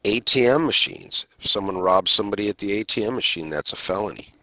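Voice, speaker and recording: A man giving a recorded criminal justice lecture in a measured, deliberate way, pausing and sometimes restarting a phrase. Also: fairly low pitch, animated, sharp tone, no room sound. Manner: measured, deliberate delivery with pauses and occasional restarts.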